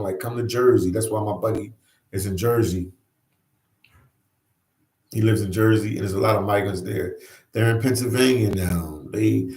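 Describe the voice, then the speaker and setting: A man's voice: fairly low pitch, gravelly, darkish tone, echoey room, poor audio. A man hosting a casual livestream, reading viewer comments and chatting in an easygoing way, repeating himself and often saying "man". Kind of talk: casual live chat. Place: New York.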